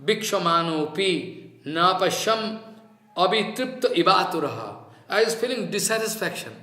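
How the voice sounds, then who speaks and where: A man giving a slow, reflective sermon, chanting Sanskrit verses and explaining them. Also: high-pitched, animated, pushed and bright. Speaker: spiritual teacher. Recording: roomy echo.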